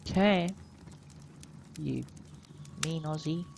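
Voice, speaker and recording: Woman, let's play commentator; deep, unhurried, playful musing. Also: vocal fry, a little mellow, a little hiss or hum. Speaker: gamer.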